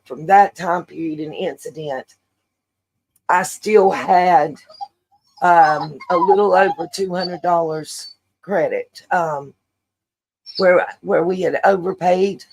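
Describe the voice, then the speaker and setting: Middle-aged woman, livestream host; gravelly, rambling, chatty, lots of fillers. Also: low-pitched, a little mellow, low-quality recording. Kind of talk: casual livestream chat.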